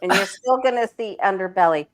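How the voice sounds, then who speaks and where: A woman's voice: mid-range voice, a little fast. A woman co-hosting a tarot chat, adding wry, chatty comments in a casual conversation. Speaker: guest co-host.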